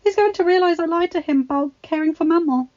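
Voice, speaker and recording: Woman doing a tearful young heroine, high, pleading, shaky, slightly dull recording. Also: normal speed, vocal fry, warm tone. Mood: distraught. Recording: slightly dull, faint background music.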